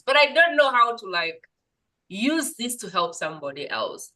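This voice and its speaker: Woman podcast host with a bright tone, chatty and animated, keeps restarting her sentences. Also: medium pitch, moderate pace, low-quality recording. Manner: animated storyteller, acts out quoted voices; rambling, restarts. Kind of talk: casual conversational interview.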